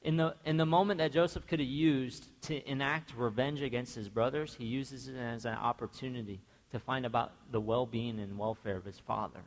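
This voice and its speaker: A man's voice: mid-range voice, fairly quick, few pauses. A young man preaching a sermon to his church in a chatty, questioning way, acting out quoted voices as he tells stories. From grew up in a half-Mexican household. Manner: conversational, asks the congregation questions; animated storytelling, acts out quoted voices. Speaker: pastor. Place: church sanctuary. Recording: long church reverb.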